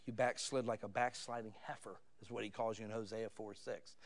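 A male pastor preaching a sermon in a conversational style, dropping to low asides and rising to loud, pleading emphasis. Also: fairly even intonation, brisk, gravelly.

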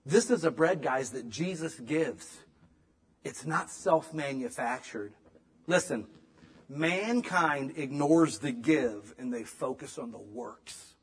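A man giving a sermon in a casual, conversational way, swinging between emphatic loud lines and hushed ones. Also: mid-range voice, lively intonation, measured pace, slightly rough. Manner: casual, conversational preaching with slang. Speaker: pastor.

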